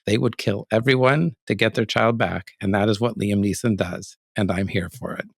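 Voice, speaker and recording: Middle-aged male co-host, gravelly, lowish, dry sound, easygoing. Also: normal speed, no echo. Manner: relaxed, laughs often. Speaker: podcast co-host. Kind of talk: casual chat.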